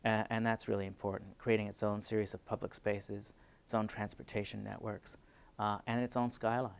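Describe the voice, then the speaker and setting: A man talks in an interview, his voice pitched low with a gravelly edge. He explains urban design in a steady, measured way and often stops for an uh or um. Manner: measured, explanatory, with frequent fillers. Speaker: city urban design planner. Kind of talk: conference video interview.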